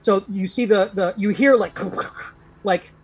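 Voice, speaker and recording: A man's voice: sits high, slow, darkish tone, breathy edge. A man narrating as game master in a live-play tabletop game, describing scenes in a rambling way full of fillers.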